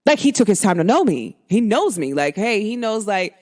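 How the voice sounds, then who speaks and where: A woman's voice: mid-range voice, moderate pace. A woman hosting a podcast, talking frankly to her listeners in casual slang and acting out bits of remembered dialogue. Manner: expressive, frank, slangy, acts out quoted dialogue. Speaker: podcast host. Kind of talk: candid monologue to listeners.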